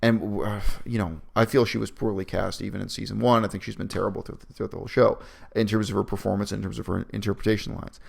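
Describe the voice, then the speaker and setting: Gravelly, opinionated man talking shop. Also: on the low side, little pitch movement, quick pace. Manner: opinionated, sarcastic, breaks into mocking voices. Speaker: video reviewer. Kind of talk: casual analytical discussion.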